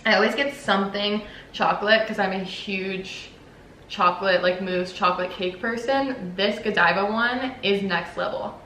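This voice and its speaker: A woman's voice: mid-range voice, fairly even intonation, moderate pace, fairly bright tone. A young woman YouTuber chatting casually while she eats on camera for a mukbang, swearing now and then. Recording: roomy echo, faint background noise.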